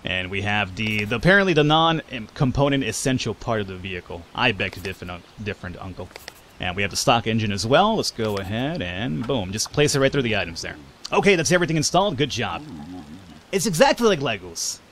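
A man's voice: lowish voice, lively intonation, a little fast, a bit bright, a little hiss or hum. Sarcastic male let's play gamer. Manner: sarcastic, jokey, swears casually. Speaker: gaming channel host.

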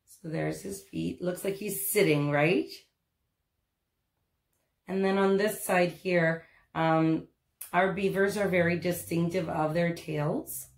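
Low gravelly woman teaching kids to draw. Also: slow, pauses often, reverberant. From Canada. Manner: chatty and encouraging, many ums and asides. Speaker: art teacher. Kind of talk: step-by-step drawing lesson for children.

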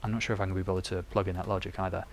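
In a live coding tutorial, a young developer talks and thinks aloud while coding on stream. His voice sits low and creaky, with a flat delivery that runs very fast.

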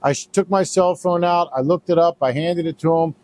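A man's voice: on the high side, fairly quick, a little mellow, no echo. A man who runs a recycling business, talking casually to camera and telling a story, with plenty of fillers as he goes. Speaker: business owner. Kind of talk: direct-to-camera business talk.

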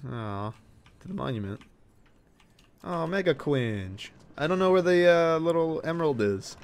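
A gaming streamer with a mid-range voice provides casual let's-play commentary over a little hiss or hum. Excitable as he plays, he cheers, yelps, and scolds the game's characters.

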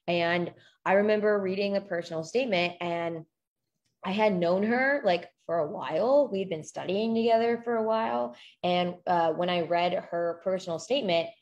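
A woman's voice: on the low side, darkish tone. A young woman talking casually to a group as a law school admissions tutor, chatty and full of fillers. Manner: chatty, many fillers and quoted questions. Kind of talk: casual talk to a live group.

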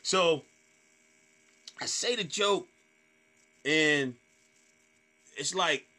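A man in his thirties, a stand-up comedian, telling a story in a casual, animated way, often swearing and repeating words. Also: on the high side, drawn-out words. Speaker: stand-up comedian, podcast guest.

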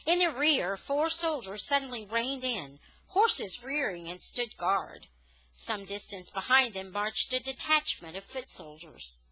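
A woman's voice: fairly high pitch, unhurried, dry recording, low-quality recording. A woman reading a novel aloud as a storyteller, lifting her voice on the dramatic moments. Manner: expressive storytelling, rising on dramatic words. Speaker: audiobook reader.

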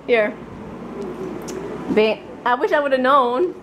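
A young woman talks casually to her handheld camera, bubbly and giggly and quick to gush. Her voice sits a little high. A steady hum of household and traffic noise runs behind her. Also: highs cut off. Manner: bubbly, giggly, easily gushing. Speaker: vlogger. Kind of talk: casual vlog chat. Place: at home, later in a car. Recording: noisy background hum.

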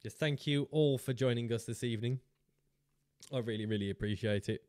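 A man's voice: mid-range voice, brisk, darkish tone, no echo, studio quality. Rambling male streamer. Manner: rambling, chatty and self-mocking, swears freely. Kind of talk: casual live-stream chat.

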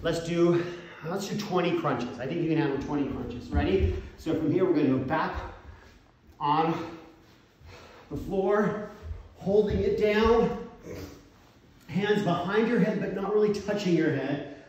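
A man's voice: fairly high pitch, unhurried, pauses often, a little mellow, highs cut off. A man leading a home workout as a fitness coach, counting out reps and encouraging the listener. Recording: very echoey room, mic far off.

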